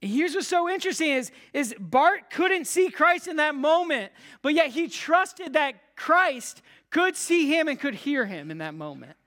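A pastor preaching a sermon to a live congregation, emphatic and repetitive, swinging between loud cries and hushed low tones. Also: big pitch swings, measured pace, few pauses. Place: church service with a live congregation.

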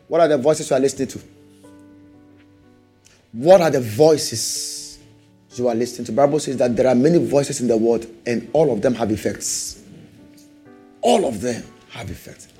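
A man preaching a sermon, animated, repeating rhetorical questions and laughing often. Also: medium pitch, husky.

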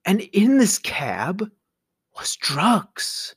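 A man's voice: high voice, very animated, extremely slow, fairly bright tone, husky, no echo, studio quality, pitched above the performer's own voice, full character voice. A man voicing a young male phone scammer who poses as a grandson, pleading in an overly formal, theatrical way. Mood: smarmy pleading.

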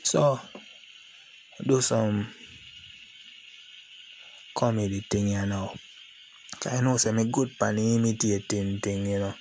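A man's voice: lowish voice, fairly even intonation, takes it slowly, pauses often, noisy background. A man talking casually to the camera, rambling and boastful with a lot of slang. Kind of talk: casual monologue.

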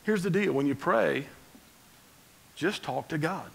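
A man preaching a conversational sermon as pastor, swinging between loud emphasis and quiet asides. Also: on the high side, expressive, unhurried, gravelly, a little hiss or hum, rough recording.

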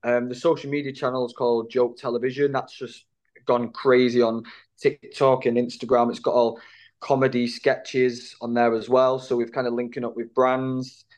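A man's voice: mid-range voice, flat delivery, normal speed, a little mellow. A man guesting on a podcast as an actor, talking casually in a rambling, matey way with plenty of ums. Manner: rambling, matey, storytelling with filler words. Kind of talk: casual interview chat.

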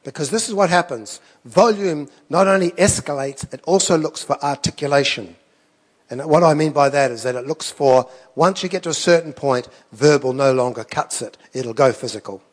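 A man's voice: a little high, normal speed. Man preaching in an echoey hall. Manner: conversational storytelling with self-deprecating asides. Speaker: pastor. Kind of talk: sermon.

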